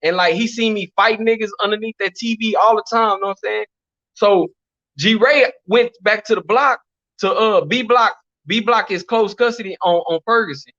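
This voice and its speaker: At a normal speed, a Texan man with a high, bright voice shares prison stories as a guest in a casual interview. His style is lively and slangy, punctuated by "you know what I'm saying," and the recording is dull and lo-fi.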